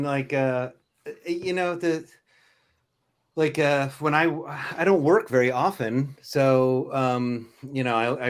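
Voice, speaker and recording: Hesitant man in a mid-pitched voice. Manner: hesitant, many fillers. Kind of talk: casual chat.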